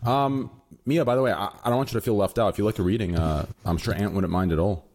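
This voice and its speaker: A young man hosting a group voice call, joking crudely and quickly apologizing for it. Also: lowish voice, darkish tone. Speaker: host.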